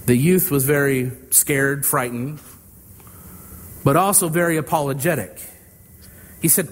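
A man preaching a sermon, telling an illustrative story in a deliberate, drawn-out way. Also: fairly high pitch, big-room sound. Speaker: pastor.

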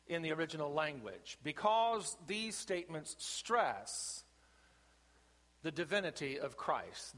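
A male pastor delivers a sermon in a bright, somewhat high voice. He stresses key words slowly and pauses with deliberate emphasis. His voice rings through a church sanctuary with a long reverb.

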